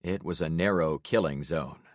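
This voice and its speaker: A man narrating an audiobook in the first person, with steady, grave storytelling. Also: extremely low pitch, normal speed, no room sound, studio quality.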